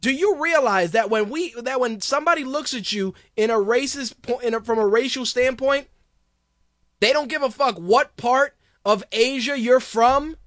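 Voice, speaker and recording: A man's voice: very high-pitched, normal speed, a bit bright, no room sound, studio quality. A man hosting a radio show, ranting casually in a heated, profane way with lots of restarts. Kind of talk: casual on-air rant.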